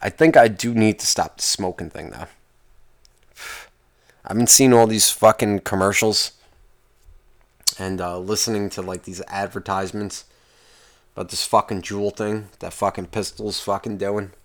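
A man hosting his own podcast alone, ranting in a profane, exasperated way, his voice jumping higher when he gets worked up. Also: fairly even intonation, moderate pace, pauses often. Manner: pitch jumps up when worked up. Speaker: podcast host. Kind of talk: casual solo podcast rant.

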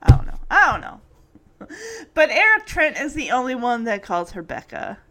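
A woman podcaster casually retelling a sitcom episode, chatty and animated, often laughing and quoting the characters. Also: sits high, normal speed. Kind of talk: casual chat.

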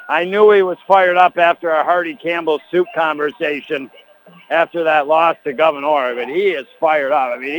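A man as play-by-play announcer on a high school football radio broadcast, chatty and chuckling, who also reads the sponsor spots. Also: fairly bright tone, poor audio.

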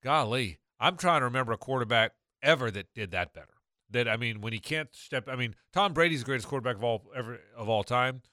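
A man hosting a sports talk show, talking football in an animated, rambling way with many restarts. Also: medium pitch, quick pace, no echo, clean studio sound. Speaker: sports radio host.

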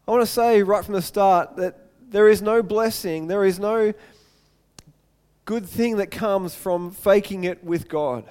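Pastor guy preaching, smooth clear voice, earnest, stumbles on repeated words, echoey hall. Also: high-pitched. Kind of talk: sermon.

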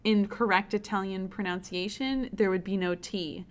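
A woman co-hosting a casual podcast chat, calmly explaining what she has been told. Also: medium pitch, moderate pace. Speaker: podcast co-host.

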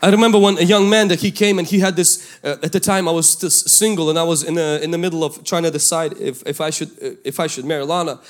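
A male pastor, preaching a sermon and telling a story from his youth, swinging between loud calls and hushed asides. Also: fairly high pitch, fairly even intonation, quick pace, hardly any pauses. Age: 20s at the time of the story, now older.

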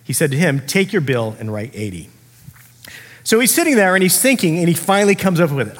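A man's voice: a little high, very animated, fairly quick, big-room sound. A man preaching a sermon as the pastor, talking in a casual, conversational way and acting out the characters he quotes.

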